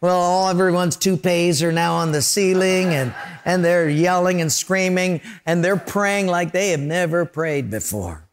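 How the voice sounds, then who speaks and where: A high-sitting voice carries this pastor's sermon, which moves a little slowly yet with hardly any pauses. He narrates stories and acts out the voices and sounds in them.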